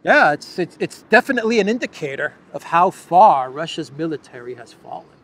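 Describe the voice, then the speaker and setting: A man's voice: fairly high pitch, big pitch swings, brisk, a bit bright. A man hosting a political news commentary show, talking in a sarcastic, scoffing way and often restarting his phrases. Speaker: host.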